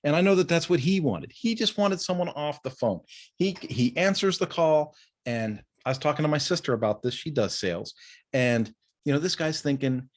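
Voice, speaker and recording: A man's voice: a little high, expressive, moderate pace. A man hosting a business talk, recorded over a video call, chatting casually and telling a story with lots of restarts. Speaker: business podcast host.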